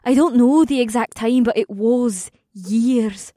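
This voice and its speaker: A woman voicing a soft-spoken, devoted young woman in an audiobook story, murmuring her lines. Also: fairly high pitch, slow pace, no room sound, studio quality. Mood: wistful. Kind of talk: audiobook dialogue.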